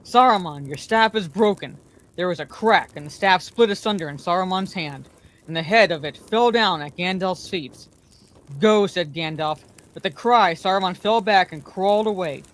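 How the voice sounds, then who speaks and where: A woman narrating a fantasy novel aloud as a bedtime story, in a calm, even manner. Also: fairly low pitch, moderate pace.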